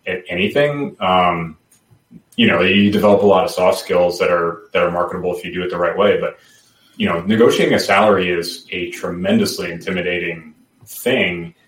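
A man's voice: low-pitched, brisk. A man talking casually as a podcast guest, rambling with lots of restarts and fillers. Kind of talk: casual chat. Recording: roomy, distant from the mic.

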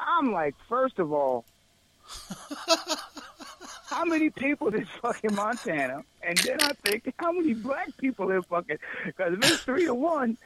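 A man co-hosting a casual comedy talk show, swearing, laughing and animated as he tells surprising facts. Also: very high-pitched, background noise. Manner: profane, laughing, animated storytelling. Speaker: co-host.

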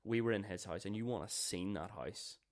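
Podcast host: man, lowish voice, animated storyteller who swears freely. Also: brisk. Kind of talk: casual storytelling chat.

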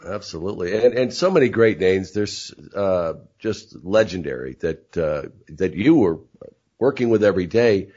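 Male host, hesitant and agreeable, low husky voice, muffled audio. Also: expressive, moderate pace, a little mellow. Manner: hesitant, agreeable, lots of fillers. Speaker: podcast host. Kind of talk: casual interview.

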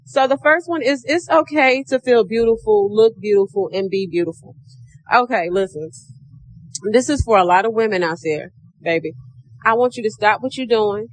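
Croaky-voiced woman podcast host. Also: fairly bright tone, no room sound. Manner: encouraging, calls listeners baby and sis; acts out her own thoughts in a higher voice. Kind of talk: casual motivational podcast talk.

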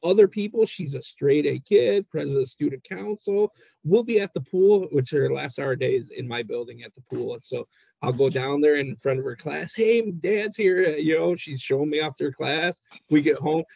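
A man's voice: on the high side, normal speed, creaky, warm tone, slightly rough, dry recording, dull audio. A middle-aged man as a podcast guest in a casual chat, laid-back and hesitant, often repeating words. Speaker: guest, city commissioner.

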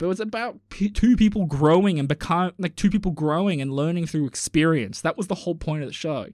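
A man hosting a solo podcast rambles in a casual, exasperated rant and swears freely. His pitch swings widely as he talks. The recording is dry and close. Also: animated, a little fast, few pauses, no echo. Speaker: podcast host.

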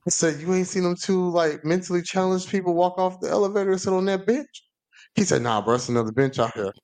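Animated man telling a funny story. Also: fast. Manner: animated, acts out quoted voices with big pitch jumps. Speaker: podcast host. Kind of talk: casual storytelling.

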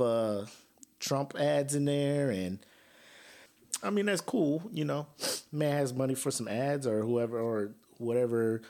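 A young man hosting a podcast, ranting casually with slang, swearing and sarcasm. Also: mid-range voice. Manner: profane, animated, sarcastic, slangy. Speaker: podcast host.

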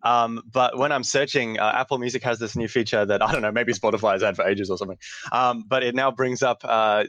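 A man's voice: mid-range voice, steady tone, fairly quick, fairly bright tone, no echo, lo-fi sound. A man co-hosting a casual chat, chatty and laughing often, trailing off with ums. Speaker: podcast co-host.

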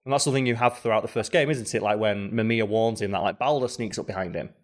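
A man co-hosting a podcast in casual chat, animated and quick, with loose restarts. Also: lowish voice. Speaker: podcast co-host.

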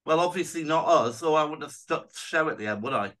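A man hosting a comedy podcast with a bright, ringing tone. His voice leaps up and down as he teases his co-host and laughs along. The talk is casual and playful. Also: on the high side, quick pace. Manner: animated, teasing, laughs often.

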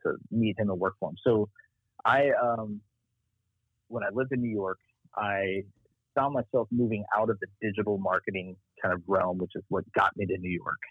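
Low husky Texas man on a tinny line. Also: normal speed, no echo. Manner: animated storyteller, acts out quoted voices. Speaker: marketing strategist guest. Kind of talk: casual interview storytelling.

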